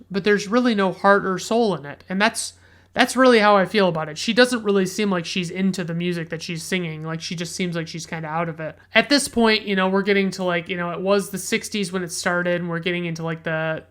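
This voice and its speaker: A man's voice: high-pitched, fairly bright tone, smooth. A man hosting a casual solo podcast, reviewing a film in a rambling, chatty way and swearing freely.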